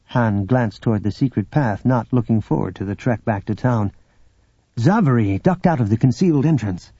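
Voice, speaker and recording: A man narrates an audiobook in a measured, steady voice. His tone is dark and husky, and the recording sounds dry and a little dull. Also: mid-range voice, no echo. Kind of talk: scripted narration.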